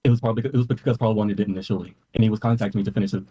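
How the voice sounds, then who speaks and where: A man's voice: fairly low pitch, steady tone, very fast, breathy edge. A man calling in as a guest, flustered and stammering as he repeats himself while defending his timeline. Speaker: accused guest. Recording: muffled, dull call audio.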